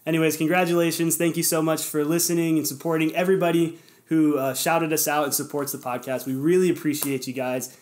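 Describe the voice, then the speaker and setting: Speaking fast in a fairly high voice with a darkish tone and little pitch movement, this podcast host delivers casual motivational talk. He speaks straight to his listeners, earnest and encouraging, and his conversational style includes fillers and self-corrections.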